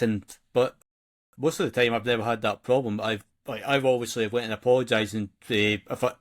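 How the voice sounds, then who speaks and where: A man who hosts a podcast, speaking with a thick accent in a halting, hesitant way full of restarts. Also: medium pitch, fairly even intonation. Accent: thick regional accent. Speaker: podcast host. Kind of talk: casual podcast chat.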